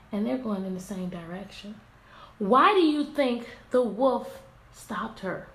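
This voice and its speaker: A woman teacher reading a picture book aloud to her class, animated and asking many questions. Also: mid-range voice, gravelly. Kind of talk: interactive read-aloud lesson. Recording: echoey room, faint background noise.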